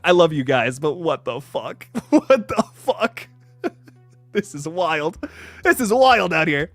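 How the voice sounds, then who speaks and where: Animated man chatting on a livestream. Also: on the high side, measured pace, no room sound, soft background music. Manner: animated, swearing, laughs often, reads chat aloud. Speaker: horror news host. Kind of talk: casual livestream chat.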